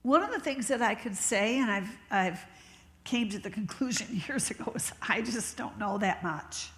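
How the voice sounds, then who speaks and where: A woman bishop preaching a sermon in a conversational, storytelling way, slowing down and dropping to a whisper when she acts out what people said. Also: a little high, lively intonation, fairly bright tone. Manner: laughs easily, talks slowly. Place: church sanctuary. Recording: long reverb of a church hall.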